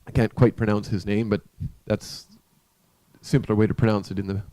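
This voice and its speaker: A man with a mellow, dark voice recounts a story at an unhurried, conversational pace. His sound is dry and close, with no room echo. He now and then turns to his listeners with a question. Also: on the low side, level tone. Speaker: live stream host. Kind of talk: spoken storytelling with a spiritual message.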